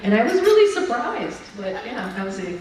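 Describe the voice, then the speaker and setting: A woman speaking as the featured guest at an event, telling stories in a lively, chatty way. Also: on the high side, normal speed, over a noisy crowd. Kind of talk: speech and onstage Q&A. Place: large event hall at a brunch. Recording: echoey hall, mic picked up from a distance.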